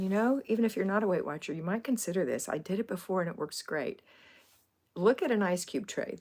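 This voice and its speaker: A middle-aged woman from Florida hosting a homemaking livestream, chatting casually and rambling as she answers viewers' comments. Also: fairly low pitch. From Florida, USA.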